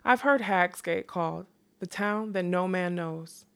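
A woman's voice: fairly low pitch, measured pace, fairly bright tone. A woman voicing a bold, scornful young woman in a novel read aloud, blunt and dismissive.

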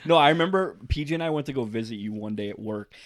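A man's voice: mid-range voice, expressive, fast talker. A man in casual chat, teasing his friend and prompting him with jokes.

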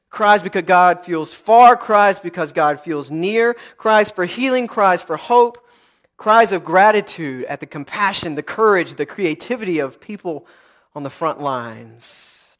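A man as pastor, preaching a sermon in an earnest, rhythmic way with repeated phrases and dramatic pauses. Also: high-pitched, lively intonation, fairly bright tone.

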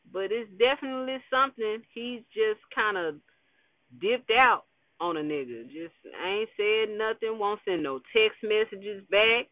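A high-voiced man talks slowly through a show recap in a loose, slangy, wry way, full of fillers and side comments. The sound is dry and thin, like a phone line. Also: dry recording. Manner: slangy, laid-back, wry, with fillers and asides. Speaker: TV episode recapper. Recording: dry tinny phone-like audio.

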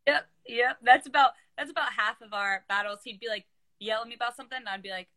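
A young woman chatting casually over a video call, telling animated stories and jumping up in pitch when she quotes people. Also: quick pace, no room sound. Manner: animated storyteller, acts out quoted voices with big pitch jumps. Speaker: former player, guest. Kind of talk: casual chat.

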